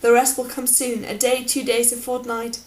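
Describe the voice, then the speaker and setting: A woman reading aloud voices a stern man plotting in the dark, speaking loudly and forcefully. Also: fairly high pitch, flat delivery, normal speed, natural voice. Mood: grim, urgent.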